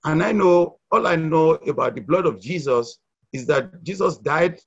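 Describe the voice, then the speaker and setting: A middle-aged man from Nigeria giving an earnest church testimony, hesitant, with fillers and restarts, rising loud and dropping soft. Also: fairly high pitch, animated, normal speed, husky, highs cut off. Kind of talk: testimony sharing at a church meeting.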